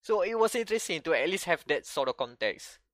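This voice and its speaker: A man co-hosting a casual gaming podcast, telling stories in an animated way with many restarts. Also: fairly high pitch, fast talker, no room sound. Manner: animated storytelling with frequent restarts. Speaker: podcast co-host. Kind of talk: casual chat.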